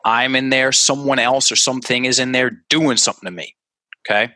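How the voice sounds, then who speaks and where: Bright-voiced man explaining as a guest. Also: medium pitch, a little fast, dry recording, low-quality recording. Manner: animated, repeats words while working through examples. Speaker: interview guest, language coach. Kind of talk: conversational interview, teaching by example.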